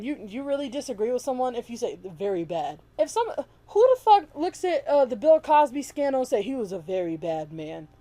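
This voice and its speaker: A woman's voice: medium pitch, a little mellow. A woman vlogger giving heated, profane opinion commentary, bluntly calling out people she disagrees with and mockingly imitating them. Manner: blunt, heated and profane, with sarcastic mimicking of others.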